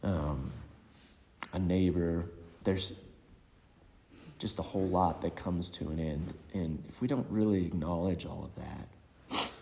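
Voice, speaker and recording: A man giving a eulogy with personal stories, reflective and hesitant, pausing often. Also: low voice, creaky, a little mellow, a little hiss or hum. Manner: reflective and hesitant, many pauses. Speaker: speaker at a memorial. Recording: long hall reverb.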